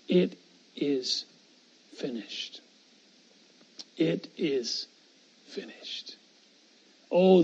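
Male preacher, high pitch, earnest sermon delivery with hushed emphasis, muffled recording. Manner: earnest, builds to emphatic repetition; drops to a hushed voice on key phrases.

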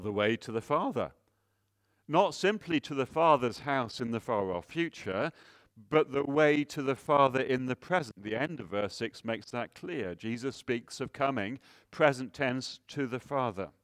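A mid-pitched man delivers a sermon with earnest conviction, leaning on rhetorical questions and frequent restarts. He swells to emphatic volume on key points and falls to a hushed tone for weight. The sound is dry, with no room around it. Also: expressive, a little slow, dry recording. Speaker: preacher.

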